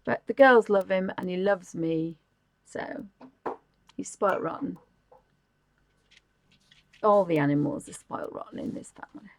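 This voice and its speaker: A woman's voice: fairly low pitch, expressive, unhurried, gravelly, long pauses, dry recording, low-quality recording. A woman, chatting casually and giggling as she hosts a live stream. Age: 50s. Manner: chatty and giggly, rambling with restarts. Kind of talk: casual chat, showing things to camera.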